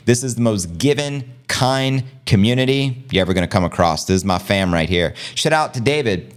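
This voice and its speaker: A man with a somewhat low voice hosts a live crypto news stream. He reads headlines, then breaks into hyped shout-outs, calling his viewers family and thanking them by name. He talks in an energetic, casual way. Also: smooth. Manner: hype, calls viewers family, shouts out members. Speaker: crypto news livestream host.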